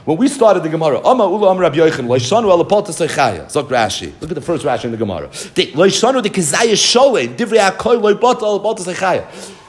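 A man with a high-pitched, fast voice teaches a Talmud lesson in English sprinkled with Hebrew and Aramaic terms. He's animated, acting out the back-and-forth between the rabbis.

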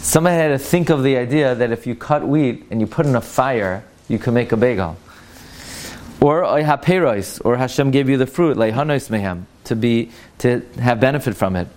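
A man's voice: mid-range voice, fairly quick, a little mellow. A man teaching a classroom lesson on Jewish law. He talks emphatically, repeats Hebrew words to correct their pronunciation and asks rhetorical questions. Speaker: Torah teacher.

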